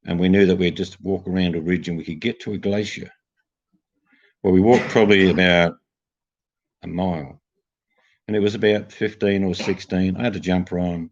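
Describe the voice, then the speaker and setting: Older Australian male host, casual storyteller; very low husky voice, dull lo-fi audio. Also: a little mellow. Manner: chatty storyteller, jokey. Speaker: livestream host. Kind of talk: casual chat. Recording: dull lo-fi sound.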